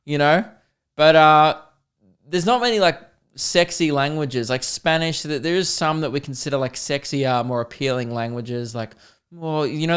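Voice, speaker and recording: A man's voice: fairly high pitch, normal speed, a bit bright, smooth. An Australian man hosting a podcast, talking alone in a rambling, self-deprecating, joking way. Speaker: podcast host. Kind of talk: casual solo podcast monologue.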